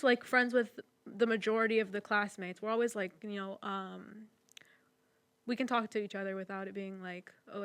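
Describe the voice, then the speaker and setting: A young woman chatting on a podcast, her voice fairly high and bright. She rambles along with plenty of fillers. The sound is dry and close, with no room around it. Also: dry recording. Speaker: podcast co-host. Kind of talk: casual chat.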